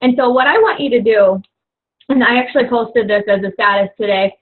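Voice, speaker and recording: A woman's voice: a little high, a little fast. A young woman coach talking casually and earnestly to fellow coaches, rambling with lots of "you know" and "like". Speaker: fitness coach. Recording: tinny phone-like audio.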